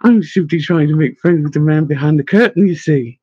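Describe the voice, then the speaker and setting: A man's voice: fairly high pitch, brisk, a little mellow, husky, no room sound, dull audio. A man voicing a cheerful, worldly male bard who talks in riddles, in a storybook. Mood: genial.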